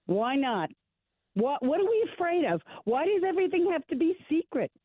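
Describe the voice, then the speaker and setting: A woman's voice: high-pitched, big pitch swings, normal speed. Woman calling in on a tinny phone line. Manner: playful, chatty, rambling storytelling. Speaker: radio caller. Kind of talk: casual phone chat. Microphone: telephone.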